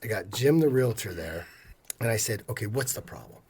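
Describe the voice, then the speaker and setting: A man's voice: on the low side, brisk, a little hiss or hum. A man in his fifties, a mortgage loan officer, telling stories in a podcast interview and acting out his customers' lines. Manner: animated storyteller, acts out customers' lines. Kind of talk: casual storytelling interview.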